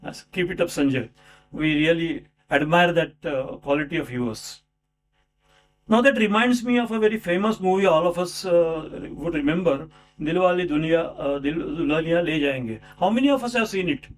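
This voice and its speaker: A man's voice: a little high, expressive, normal speed, slight background noise. A man giving a formal speech at a book launch, introducing an author with rhetorical questions and asides. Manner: rhetorical, with many fillers and asides.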